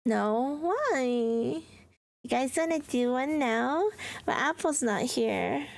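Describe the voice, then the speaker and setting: A woman's voice: high-pitched, animated, takes it slowly, gravelly. Giggly woman streamer chatting with viewers. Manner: playful and giggly, answering chat; mock-whiny, dramatic teasing. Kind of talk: casual livestream chat with viewers.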